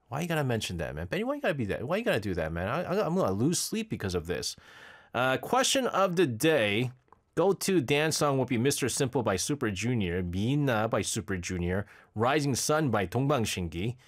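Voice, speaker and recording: A man's voice: mid-range voice, normal speed. A man hosting a radio show, reading listener messages in a casual, joking way and laughing often. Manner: animated, jokey, laughs often. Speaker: radio host.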